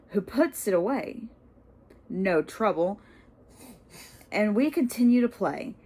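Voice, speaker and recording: A woman's voice: on the high side, a little mellow, voice pushed up, exaggerated voice. A woman voicing a cheeky teenage boy calling a school sports match play by play. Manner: rapid play-by-play, cheeky asides.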